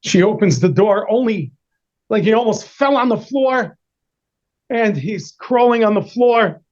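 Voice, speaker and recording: A high-pitched, unhurried rabbi shares a story with kids via video call, the audio sounding dull. Animated and playful, he voices each character in brief bursts while weaving in Yiddish and Hebrew terms.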